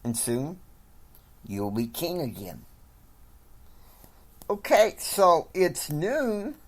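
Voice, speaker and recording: A man casually narrating an invented drama, rambling through it scene by scene. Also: mid-range voice. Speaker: storyteller.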